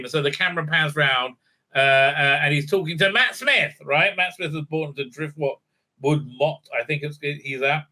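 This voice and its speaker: Fairly quick and forceful, the man's bright, highish voice carries a rambling video review. He fills it with verbal fillers and false starts and acts out quotes from the show.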